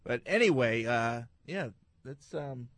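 A man's voice: medium pitch, animated, slow, fairly bright tone, no echo. A man hosting a sports talk show, chatting casually in a studio with many fillers.

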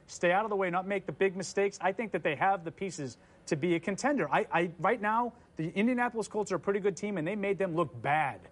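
High-voiced emphatic man debating football. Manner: emphatic, repeats "listen" and "I think". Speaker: co-host, sports analyst. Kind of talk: casual sports debate. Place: luxury suite at a stadium.

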